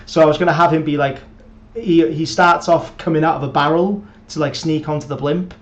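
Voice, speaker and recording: A man's voice: fairly high pitch, steady tone, fairly quick. A man co-hosting a podcast, chatting casually and rambling with lots of fillers and restarts. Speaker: podcast co-host and episode writer. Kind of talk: casual chat. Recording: muffled lo-fi audio, faint background noise.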